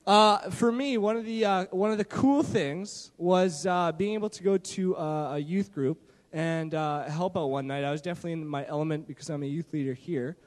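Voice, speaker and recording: A high-pitched man from Canada telling a story at a church gathering, animated and full of "uh" and "kinda" as he restarts his sentences. His handheld mic rings through a hall with a long, trailing reverb. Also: moderate pace. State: shaky from not eating. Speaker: church youth leader sharing a mission trip story. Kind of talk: church testimony talk. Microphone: handheld microphone.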